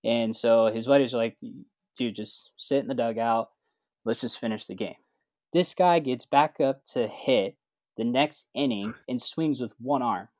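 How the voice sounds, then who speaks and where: In an unhurried mid-range voice, a man who works as a certified athletic trainer recounts a story casually, performing the dialogue and using lots of fillers. He sounds relaxed, and the recording has no echo.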